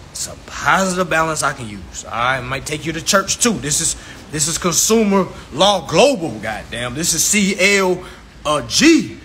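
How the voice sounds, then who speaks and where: Give me a man with a bright, fairly high voice, preaching a profane informal lesson and hammering his points home. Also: a little hiss or hum. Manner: repeats phrases for emphasis. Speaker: self-styled credit instructor. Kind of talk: informal lecture to viewers.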